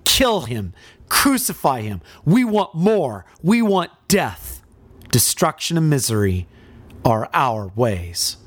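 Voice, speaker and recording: A bloodthirsty mob of religious leaders , played by a preacher, demands a cruel death in harsh, drawn-out words. The voice leaps and drops, recorded dry and close. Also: male voice, mid-range voice, sing-song, dry recording. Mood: demanding.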